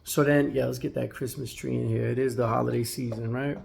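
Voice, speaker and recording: A man's voice: medium pitch, fairly even intonation, a little fast, creaky, darkish tone, slight background noise. A man, a barber, talking casually to camera in his barbershop, conversational and peppered with "right?". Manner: conversational, with frequent "right?" tags. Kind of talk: casual vlog talk.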